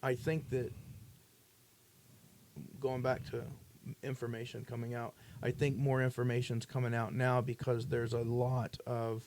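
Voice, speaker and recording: A man's voice: medium pitch, level tone, unhurried, a little mellow, slight background noise. A man co-hosting a podcast, musing and hedging as he thinks aloud in casual chat. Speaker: podcast co-host.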